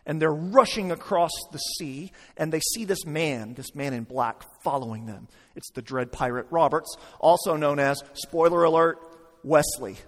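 A middle-aged man preaching a sermon in a church, talking conversationally with joking asides to the congregation. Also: fairly high pitch. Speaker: pastor. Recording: long reverb.

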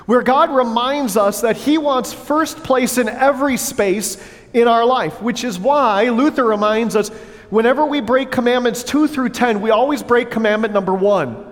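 A pastor preaching a sermon in a church, earnest but breaking into playful asides to the congregation on a wireless mic. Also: male voice, very high voice, normal speed. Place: church sanctuary. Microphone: wireless headset or lapel mic with battery pack. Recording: long church hall reverb.

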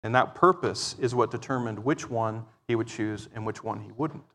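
A man preaching a sermon, swinging between loud exclamations and quiet, explaining asides. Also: mid-range voice, normal speed, a little hiss or hum. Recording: long reverb of a large hall.

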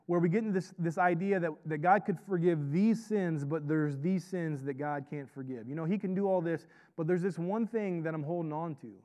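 A man preaching a sermon with a slightly high voice. He talks conversationally, often asks "right?" and draws the congregation in, as a pastor and chaplain. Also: a little fast, few pauses, darkish tone.

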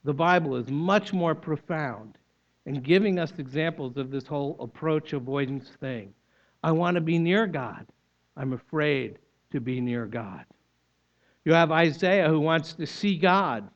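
A man preaching from the pulpit in a somewhat high voice, laying out scripture like a teacher and repeating key phrases for emphasis. The recording sounds dull and lo-fi. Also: normal speed. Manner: explanatory teaching, emphatic repetition. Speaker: pastor. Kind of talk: sermon.

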